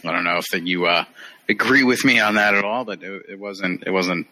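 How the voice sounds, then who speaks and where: A man co-hosting a casual pop-culture chat, opinionated and quick to laugh. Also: deep voice, pushed and bright. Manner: opinionated, laughs often, dismissive asides. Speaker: podcast co-host.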